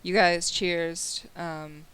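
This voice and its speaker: A woman's voice: fairly low pitch, flat delivery, extremely slow, a bit bright, clean tone. A woman narrating as game master in a tabletop game, casual and swearing freely. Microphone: open mic, recording session.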